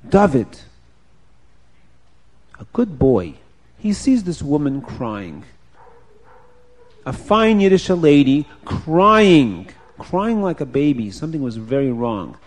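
A man telling a folk tale aloud in an expressive storytelling manner. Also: on the high side. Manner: expressive, repeats for effect. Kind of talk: animated oral storytelling.

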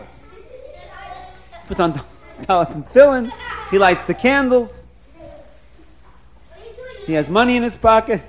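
High-voiced man telling a chuckling tale. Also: moderate pace, pauses often, a little hiss or hum. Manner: lively, chuckling often, repeats words. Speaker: storyteller. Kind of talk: animated storytelling.

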